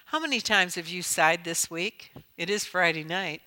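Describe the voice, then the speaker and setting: Middle-aged woman conference speaker, bright voice, earnest storytelling with emphatic peaks. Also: fairly low pitch, a little slow, hardly any pauses, low-quality recording. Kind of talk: inspirational talk.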